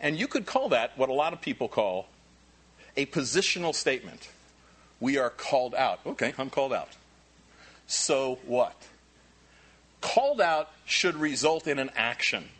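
Animated husky male preacher. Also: medium pitch, normal speed, long pauses. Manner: animated, repeats key phrases, acts out congregants' voices. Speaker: pastor. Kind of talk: sermon.

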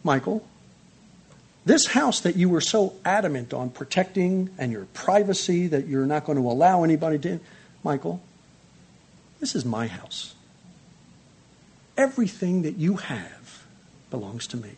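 A man voicing God in a quiet, still voice. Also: on the high side, big pitch swings, slightly rough, heavily acted. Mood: quiet solemn. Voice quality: quiet, hushed. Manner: slow, solemn and tender.

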